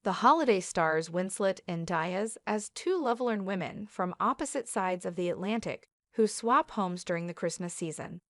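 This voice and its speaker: A woman narrating a scripted entertainment news piece in an even, read-aloud delivery. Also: mid-range voice, normal speed, few pauses, no echo, clean studio sound.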